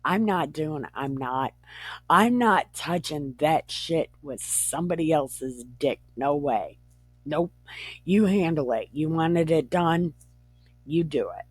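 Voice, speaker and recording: An indignant, foul-mouthed patriarch sputters his protests in a pitched-up voice, as a woman puts him on. The recording is dry and close. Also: expressive, husky, dry recording, full character voice. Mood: exasperated. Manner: profane, indignant, rapid protests. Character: exasperated crude biblical patriarch, man.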